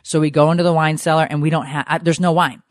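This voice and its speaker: A woman in her forties co-hosting a casual podcast, telling stories in a lively, animated way. She swears freely and leaps up in pitch whenever she quotes herself or others. The sound is dry and close. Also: fast, no echo. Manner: animated storyteller, swears, jumps high for quoted lines. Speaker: podcast co-host. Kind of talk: casual chat.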